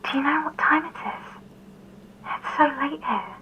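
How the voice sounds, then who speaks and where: A woman's voice: sits high, a little slow, bright, forceful tone, full character voice. An actress voicing a sleepy, confused woman woken by a late phone call, plaintive and half-whispering. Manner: plaintive, drowsy, often whispered. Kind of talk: game voice acting.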